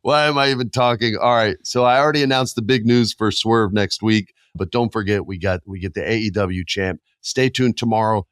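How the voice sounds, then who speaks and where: A middle-aged man hosting a casual podcast, animated and jokey, often jumping his pitch for emphasis. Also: a little fast, few pauses, clear, resonant tone, no echo, studio quality. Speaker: podcast host.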